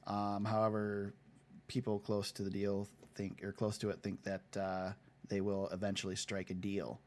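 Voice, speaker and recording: A man hosting a podcast, reading out news items and tossing questions to his co-host in a relaxed, casual way. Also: fairly low pitch, normal speed. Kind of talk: casual sports chat.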